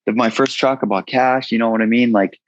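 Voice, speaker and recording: A man's voice: mid-range voice, steady tone, fairly quick, dry recording, lo-fi sound. A man in his thirties, a guest in an interview, telling his story frankly and casually, swearing freely. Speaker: guest, entrepreneur.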